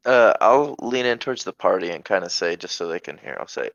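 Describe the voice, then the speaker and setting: Gravelly man on a dull mic. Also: low-pitched, expressive, a little fast, fairly bright tone, no echo. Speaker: player. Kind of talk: tabletop role-play chat.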